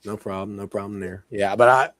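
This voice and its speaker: A man with a hoarse, sick voice, rambling casually as a co-host on a live-streamed talk show. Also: fairly low pitch, steady tone, brisk, a bit bright, no room sound. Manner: rambling, chatty, many "like" fillers and laughs. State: hoarse, sick with sore throat. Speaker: podcast co-host.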